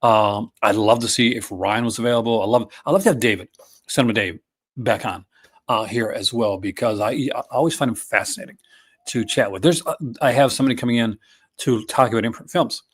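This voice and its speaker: A man's voice: mid-range voice, fairly quick. Rambling enthusiastic male stream host. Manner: rambling, enthusiastic, many fillers and restarts. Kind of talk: casual live-stream chat.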